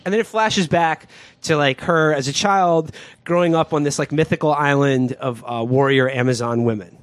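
Higher-voiced man hosting a comedy podcast. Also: normal speed, no room sound. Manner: rambling recap with fillers and mocking asides. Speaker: podcast host. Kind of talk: casual comedic discussion.

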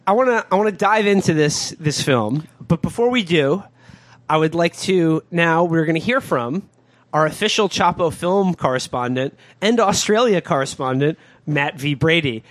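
A man's voice: fairly high pitch, expressive, normal speed, no echo. A man hosting a casual comedic discussion, recapping a film in a rambling way with mocking asides. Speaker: podcast host.

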